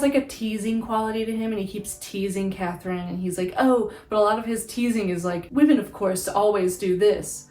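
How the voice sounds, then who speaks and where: A young woman from the United States chats casually to her camera, gushing and candid and cursing lightly. Her voice sits at an ordinary middle pitch. The room around her rings a little, with faint music underneath. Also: darkish tone, roomy sound. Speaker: vlogger. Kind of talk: casual chat.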